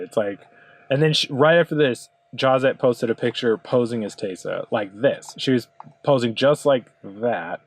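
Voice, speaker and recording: A man's voice: medium pitch, expressive, unhurried. A man ranting through a commentary video, insistent and profane, with a rambling delivery full of fillers. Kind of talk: ranting commentary over card images.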